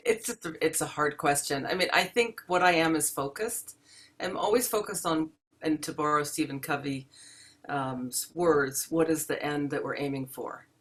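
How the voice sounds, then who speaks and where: A woman entrepreneur answering interview questions from her home office, thoughtful and measured. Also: low-pitched, fairly bright tone.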